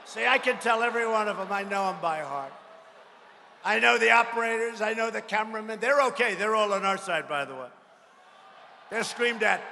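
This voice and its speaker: Boastful man shouting at a rally. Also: high-pitched, moderate pace, vocal fry, slight background noise. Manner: boastful, mocking, repetitive phrasing; frequent shouted lines to a crowd. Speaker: politician addressing a rally. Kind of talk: campaign rally speech. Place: large rally venue. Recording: long reverb of a large venue.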